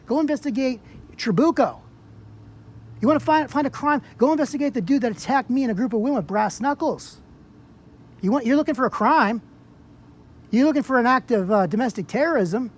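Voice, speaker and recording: A man in a heated argument on a public sidewalk outdoors, confronting an officer with repeated rhetorical questions. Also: very high-pitched.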